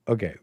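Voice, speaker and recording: A man's voice: dark tone, no echo. A young man hosting a casual live stream, riffing sarcastically over a clip with frequent laughing asides. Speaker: streamer host.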